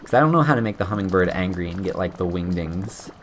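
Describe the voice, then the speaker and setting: Man, low voice, casual gameplay commentary, swears and yelps at mistakes, steady background hiss. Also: fast. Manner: thinking aloud, frequent swearing and restarts, yelps at mistakes. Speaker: streamer playing a game blind.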